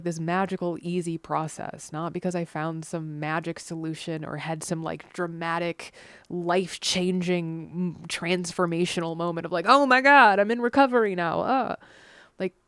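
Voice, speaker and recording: Woman with a low voice reads her own essay aloud: earnest, frank, wryly funny, dry booth sound. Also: clear, resonant tone, no echo. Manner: candid and earnest, with blunt swearing and self-aware humor. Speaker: creator reading her own essay series. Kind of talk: reading a personal essay aloud.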